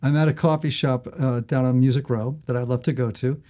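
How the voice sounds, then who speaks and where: In conversation as a guest, a middle-aged author with a medium-pitched voice talks a little fast. He tells stories with energy, acting out the different voices in each anecdote.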